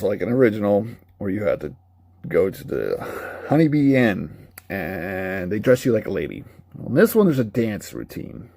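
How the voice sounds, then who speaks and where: A man's voice: lowish voice, creaky, warm tone, no echo. A man giving a casual, rambling, candid spoken review of a video game. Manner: rambling, candid, laughs at his own retellings.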